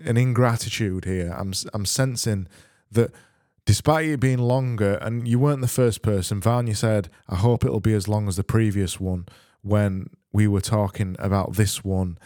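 A man's voice: fairly low pitch, warm tone, dry recording. A British man hosting a casual podcast and reading out listener messages in a dry, mock-serious way with self-mocking asides. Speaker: podcast host.

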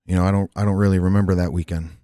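A man's voice: low voice, little pitch movement, rapid-fire, mellow, no echo, studio quality. A man telling a candid personal story in casual podcast chat, frank and rambling, swearing freely. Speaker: podcast guest. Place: Nashville.

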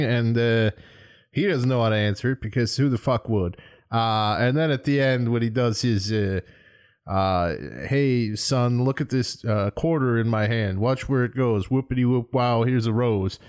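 A man co-hosting a casual movie review podcast, hesitant and dryly profane, with many fillers. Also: mid-range voice. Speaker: podcast co-host.

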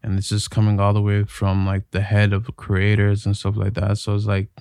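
A laid-back young man with a lowish voice talks casually about his acting work, his speech loose and full of "like" and "man". The sound is dry and close, with no room echo. He sounds relaxed and unhurried. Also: creaky, smooth. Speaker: actor guest. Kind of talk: casual interview.

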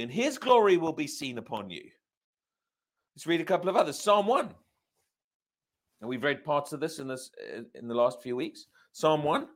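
Male pastor, sermon delivery, emphatic and questioning, higher voice with very lively pitch. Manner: emphatic, asks the congregation questions.

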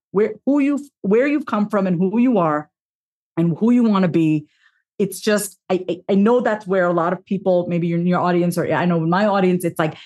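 A woman speaking as a podcast guest, giving a heartfelt motivational talk with expressive self-talk and casual swearing. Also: on the low side.

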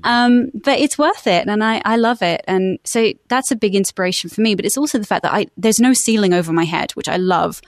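A woman's voice: mid-range voice, brisk, hardly any pauses, no room sound. A woman who works as a voice-over artist, chatting upbeat and laughing often in a podcast interview. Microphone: studio microphone.

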